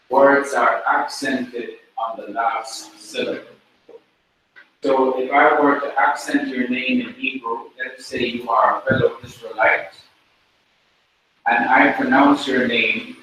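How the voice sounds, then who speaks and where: Slow, drilling teacher in an echoey classroom. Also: male voice, mid-range voice, fairly bright tone. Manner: slow, repeats words for drilling. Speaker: Hebrew teacher. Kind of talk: classroom lecture. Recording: very echoey room, mic far off, faint noise.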